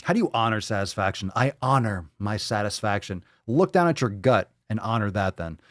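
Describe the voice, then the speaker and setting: A man's voice: lowish voice, lively intonation, fairly quick, a bit bright, no room sound, clean studio sound. Profane sarcastic male podcast host. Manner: sarcastic, profane, jumps into silly voices. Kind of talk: casual live show banter.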